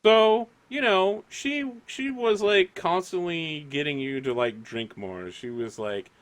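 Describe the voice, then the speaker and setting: A man's voice: fairly high pitch, slow pace, few pauses. A young man as game master, chatting and acting out lines from the table. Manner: chatty, acts out quoted lines.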